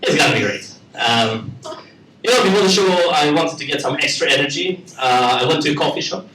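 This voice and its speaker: A man with a Russian accent performing stand-up comedy for a live audience, with a deadpan delivery. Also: a little high, brisk, reverberant, distant mic, noisy background. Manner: deadpan delivery, with acted-out character voices. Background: audience laughter.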